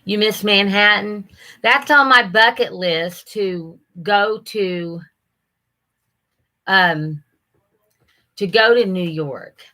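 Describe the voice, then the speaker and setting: A woman's voice: mid-range voice, drawn-out words, pauses often, pushed and bright, poor audio. A woman, hosting a livestream and chatting folksily with viewers by name. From Ohio, USA. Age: 60s. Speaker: livestream host. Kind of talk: casual chat reading viewer comments.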